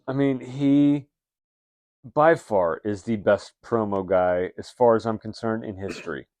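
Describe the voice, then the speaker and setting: A man co-hosting a casual chat, easygoing and deliberate as he sums things up. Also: on the low side, a little mellow, dry recording. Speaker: wrestling podcast co-host.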